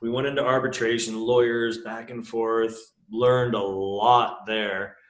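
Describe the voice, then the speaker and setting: A man's voice: mid-range voice, level tone, measured pace. A man guest on a podcast, frankly telling a personal story in a casual, emotional way and swearing freely. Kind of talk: candid conversational storytelling. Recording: roomy echo.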